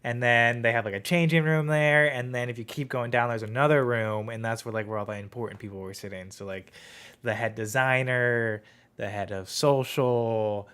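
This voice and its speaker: A man's voice: mid-range voice, fairly even intonation, normal speed, a bit bright, smooth. A young man hosting a podcast, telling a rambling story in casual chat with lots of fillers. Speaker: podcast host.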